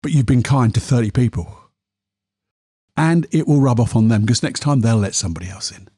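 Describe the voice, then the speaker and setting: Mellow husky man. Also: medium pitch, animated, fairly quick, no room sound, clean studio sound. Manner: candid, self-deprecating storytelling. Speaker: podcast host. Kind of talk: solo podcast monologue.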